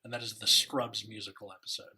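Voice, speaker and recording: A man's voice: on the low side, flat delivery, fast talker, bright, forceful tone. A man co-hosting a podcast, reading fanfiction aloud in a put-on British accent and chatting. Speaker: podcast co-host.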